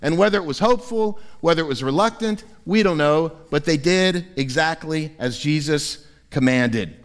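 A man delivers a sermon from the pulpit, his voice sitting a bit high for a man. He is animated and playful, slipping into quoted voices for humor. The sound carries a long church-hall reverb. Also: normal speed. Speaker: pastor. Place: church sanctuary.

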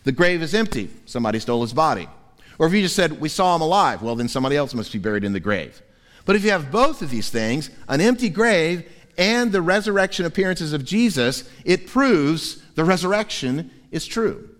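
A man delivers a sermon from the pulpit, his voice sitting a bit high for a man. He is animated and playful, slipping into quoted voices for humor. The sound carries a long church-hall reverb. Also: fairly quick. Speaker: pastor. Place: church sanctuary.

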